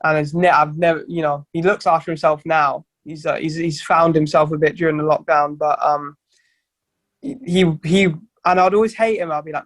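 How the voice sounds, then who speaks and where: A young man who sings in a band guests on a podcast, chatting casually in loose, rambling sentences full of swearing and frequent restarts. His voice is on the high side and fairly bright, with fairly even intonation at a normal speed, recorded dry.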